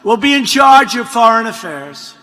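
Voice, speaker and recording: At a large rally venue, a man with a very high, sharp-toned voice and big pitch swings speaks at a moderate pace. The reverberant hall audio carries his rambling, mocking political speech, with repeated lines and wandering asides.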